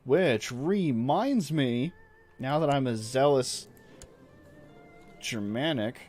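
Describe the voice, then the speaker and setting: A man's voice: mid-range voice, expressive, slow pace, a little mellow, faint music behind. A man streaming a strategy game, chatting casually and reading game text aloud as he plays. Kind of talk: casual gameplay commentary.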